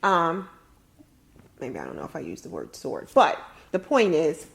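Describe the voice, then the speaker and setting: A woman hosting a casual interview, frank and teasing, firing off quick questions. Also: deep voice, wildly swooping pitch, vocal fry. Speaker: podcast host.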